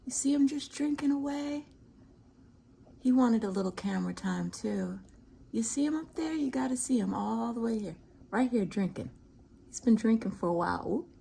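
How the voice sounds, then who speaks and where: A woman chatting casually on her patio as she films hummingbirds. She speaks softly and often drops to a whisper, then breaks into excited bursts. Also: a little high, moderate pace, gravelly, slight background noise. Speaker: vlogger. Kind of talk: casual chat, filming birds on her patio. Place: outdoor patio.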